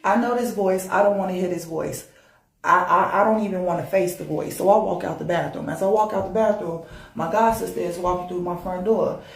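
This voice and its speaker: A woman telling a personal ghost story in a casual, animated, emphatic way, often repeating words. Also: on the low side, fairly quick, roomy sound.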